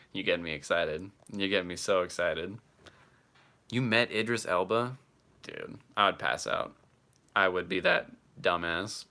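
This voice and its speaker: A man's voice: deep voice, gravelly, pushed and bright. A man chatting casually on a live stream and answering his chat, laughing often and swearing freely.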